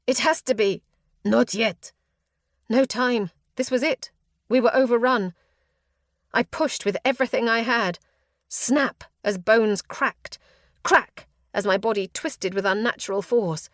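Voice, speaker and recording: A woman's voice: a little high, measured pace, a bit bright, no room sound, clean studio sound. Woman narrating a tense fantasy audiobook. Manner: tense, dramatic delivery. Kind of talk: scripted first-person fantasy narration.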